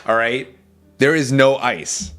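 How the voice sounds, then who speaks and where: A man's voice: mid-range voice, steady tone, slow pace, a bit bright. A man streaming casually, talking enthusiastically about food and greeting his chat. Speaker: VTuber streamer.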